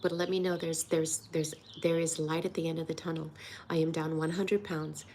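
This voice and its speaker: Gravelly earnest woman in her sixties. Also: low-pitched, flat delivery, normal speed, darkish tone, slight background noise. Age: 60s. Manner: emotional, earnest and encouraging. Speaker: weight loss coach. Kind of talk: personal vlog testimony.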